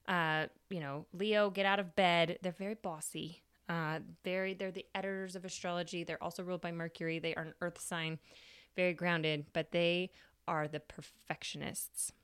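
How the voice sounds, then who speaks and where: Chatty, low-voiced woman storyteller. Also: fairly bright tone, clean tone, dry recording, studio quality. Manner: chatty, swears freely, laughs. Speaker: podcast host. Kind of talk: casual storytelling.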